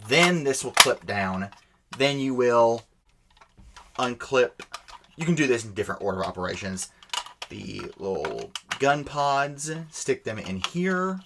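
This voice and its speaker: A man giving a casual, unscripted toy demonstration, rambling and correcting himself as he goes, clearly enthusiastic. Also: mid-range voice, very animated, unhurried, background noise. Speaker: toy reviewer.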